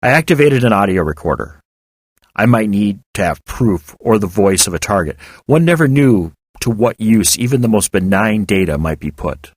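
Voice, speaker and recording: Brief: male narrator, low and husky, lively intonation, dry close sound. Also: no echo. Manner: measured, reflective storytelling. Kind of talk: first-person fiction narration.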